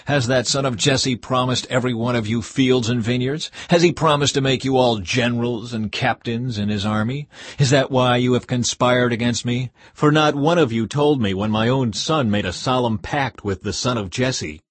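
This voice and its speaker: A furious, suspicious king, as a male reader puts him on, firing off accusing questions at his officers. The voice is husky and recorded dry and close, with the rises of someone shouting at his men. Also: medium pitch, normal speed, no echo, natural voice.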